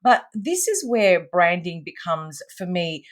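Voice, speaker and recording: Animated woman telling stories. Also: on the low side, a little slow. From Australia. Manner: animated, emphatic storyteller. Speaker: podcast guest. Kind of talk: storytelling in conversation.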